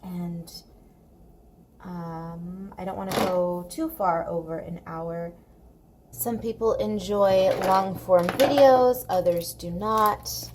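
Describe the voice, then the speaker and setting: Slow-talking woman chatting while she colors. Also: lowish voice, noisy background. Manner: chatty and playful, baby-talks to her pet. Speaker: coloring video creator. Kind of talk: casual chat while coloring. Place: home room.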